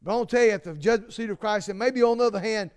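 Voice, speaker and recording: A man preaching a sermon, earnest and emphatic, repeating phrases and swinging between loud declarations and hushed asides. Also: high voice, fast, clean tone.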